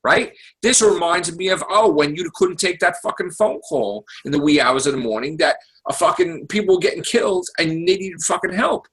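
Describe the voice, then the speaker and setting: A man from the United States rants with plenty of swearing and exasperation, his voice swinging widely up and down. His tone is somewhat husky and sits a bit high for a man. It is a casual podcast chat. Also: moderate pace, hardly any pauses. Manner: profane, animated, exasperated. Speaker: podcast host. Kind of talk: heated casual political rant.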